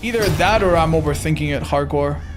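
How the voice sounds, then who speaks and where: A man's voice: fairly high pitch, brisk. Young male streamer, casual foul-mouthed play-by-play, noisy game audio behind. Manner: swears often, frustrated outbursts. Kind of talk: live gameplay commentary.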